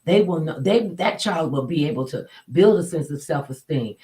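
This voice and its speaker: A woman telling a personal story casually, colloquial and animated, acting out the people she quotes. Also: deep voice, moderate pace, poor audio.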